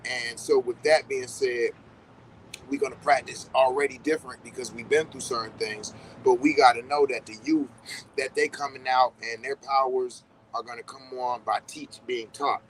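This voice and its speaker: A man's voice: medium pitch, steady tone, normal speed, fairly bright tone, a little hiss or hum, low-quality recording. Laid-back man in casual spiritual talk. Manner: loose, conversational, swears often, acts out quoted reactions. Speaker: podcast host.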